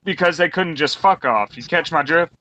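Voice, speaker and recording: A man's voice: a little high, moderate pace, sharp tone. A man in his twenties ranting bluntly and profanely in a casual round-table talk. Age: 20s. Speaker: podcast co-host. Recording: dull lo-fi recording.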